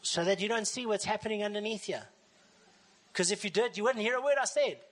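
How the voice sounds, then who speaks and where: Woman pastor giving a sermon, really bright sharp voice, animated, plays out little voices as she goes. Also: mid-range voice, brisk. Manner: animated preaching, acts out quoted voices.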